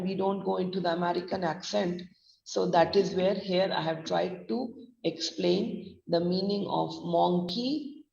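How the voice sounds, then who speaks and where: A woman with a Gujarati accent leads an online pronunciation class, spelling words letter by letter and switching into Hindi. Her voice is fairly low, creaky and darkish, and the recording is distant, roomy and muffled, with a little hiss or hum.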